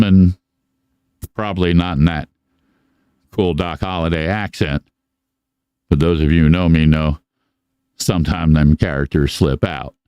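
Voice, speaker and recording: Profane, rambling podcast host, low voice. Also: male voice, darkish tone, clean tone, no room sound. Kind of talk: casual live podcast monologue.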